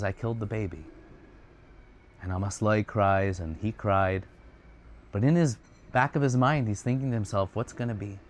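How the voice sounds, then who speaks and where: A man retelling a religious story in a casual, chatty way, swinging between excited and hushed. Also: medium pitch. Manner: animated, swings from loud excited to hushed soft; chatty asides.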